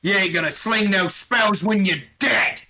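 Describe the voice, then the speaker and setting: A man's voice: sits high, a little slow, bright, forceful tone, voice pushed up, full character voice. Man doing a brutish gloating orc warrior. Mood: menacing.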